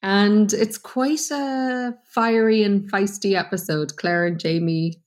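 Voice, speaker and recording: A woman's voice: medium pitch, fairly even intonation, takes it slowly. A woman guest on a podcast, chatting casually with frequent laughs.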